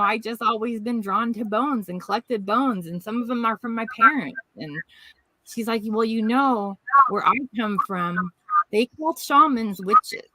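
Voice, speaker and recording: Middle-aged woman, podcast guest, bright tone, dry close sound, rambling storyteller who acts out quotes. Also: fairly high pitch, moderate pace, no room sound, low-quality recording. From Washington State, USA. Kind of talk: casual storytelling chat.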